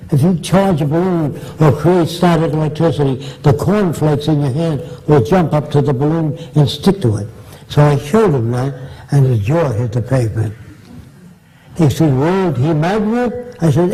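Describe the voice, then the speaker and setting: Fielding audience questions, an older man on the high side with a warm tone spins long, blunt, rambling anecdotes and voices the people he quotes. It's a low-quality recording of this Q&A storytelling.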